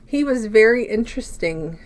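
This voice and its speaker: A woman's voice: fairly high pitch, expressive, normal speed, a little hiss or hum. A woman co-hosting a casual chat. She chimes in often and laughs easily. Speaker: podcast co-host and editor.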